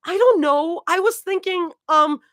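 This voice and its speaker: A woman's voice: very high voice, measured pace, a bit bright, no room sound, clean studio sound, pitched above the performer's own voice. A woman reading a fan story aloud, voicing a nervous, flustered young woman.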